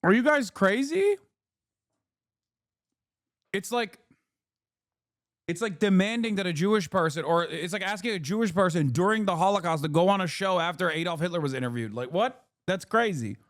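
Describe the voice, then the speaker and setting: Heated, profane male streamer, fairly high voice. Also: expressive, fast, hardly any pauses, no echo, clean studio sound. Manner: heated, profane, emphatic, rhetorical questions. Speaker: streamer host. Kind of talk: live stream reaction commentary.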